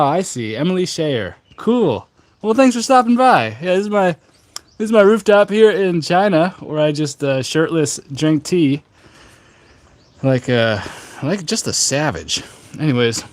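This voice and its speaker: A man's voice: a little high, no echo. A man hosting a casual tea livestream from a rooftop, talking in a rambling, chatty way full of fillers. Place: outdoor rooftop.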